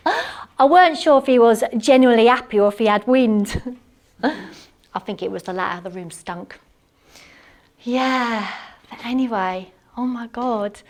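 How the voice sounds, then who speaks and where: A gushing, excitable housewife, as a woman plays her on stage, who rambles from one aside to the next. Her fairly high voice rushes with enthusiasm through a live one-woman comedy monologue. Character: chatty cleaning-obsessed English housewife. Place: theatre stage.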